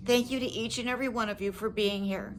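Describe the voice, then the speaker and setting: An older woman talking to her viewers in a personal, heartfelt vlog, reflective, gentle and earnest, with emotion close to the surface. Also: on the high side, steady tone, fast. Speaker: widow sharing advice with her viewers.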